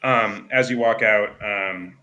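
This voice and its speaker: A man narrating as game master in a tabletop game, relaxed and full of fillers. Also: lowish voice, slow pace, dull audio.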